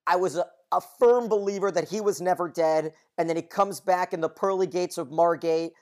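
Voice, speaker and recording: A man co-hosting a podcast, recapping plot details quickly and casually, sometimes swearing. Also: sits high, darkish tone. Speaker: podcast co-host.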